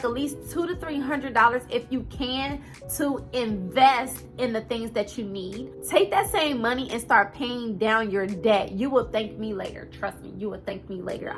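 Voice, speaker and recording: A woman in her thirties with a twang, talking earnestly and directly to camera as a motivational vlogger, casual and full of fillers. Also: fairly high pitch. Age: 30s.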